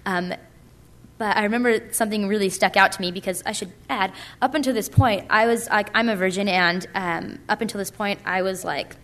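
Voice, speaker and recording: A woman's voice: mid-range voice, normal speed, a bit bright. A young woman giving a casual, chatty personal testimony at a conference, full of likes and ums. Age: young adult. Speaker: speaker at a purity conference.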